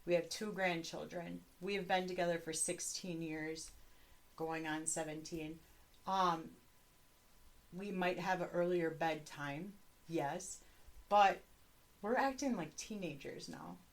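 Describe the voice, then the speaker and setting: A woman's voice: fairly low pitch, slow. A woman in her forties chatting candidly with her daughter on a podcast, swearing freely and laughing often. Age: 40s. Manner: candid, profane, laughing, rambling. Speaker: podcast co-host, mother. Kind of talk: casual chat.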